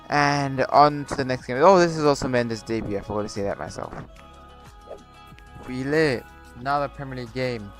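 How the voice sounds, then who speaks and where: A young man commentating a football video game on a borrowed microphone, with excitable play-by-play and rambling asides. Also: medium pitch. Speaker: gaming YouTuber. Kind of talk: casual gameplay commentary. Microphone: borrowed cheap microphone.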